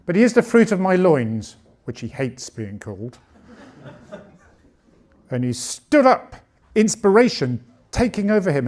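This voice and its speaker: A man's voice: sits high, darkish tone. A man in his late fifties performs a bawdy stand-up comedy set on a club stage. He speaks into a handheld mic in a slightly raised register. His delivery is conversational and punchy. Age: 50s.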